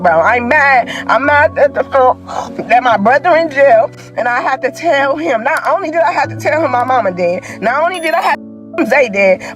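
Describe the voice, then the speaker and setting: Young woman, high-pitched, furious, tearful, repeating herself into a phone; faint music behind. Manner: heated, repetitive, profane, emphatic. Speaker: grieving sibling. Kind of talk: angry direct-to-camera rant.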